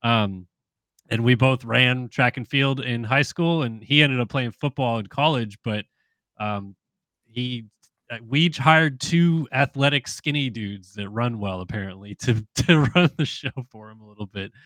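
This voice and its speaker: Man, young adult, guest, casual chat, bright voice, dry sound, hesitant fillers. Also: mid-range voice, unhurried, dry recording. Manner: thoughtful, many fillers and restarts. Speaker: guest, moto journalist.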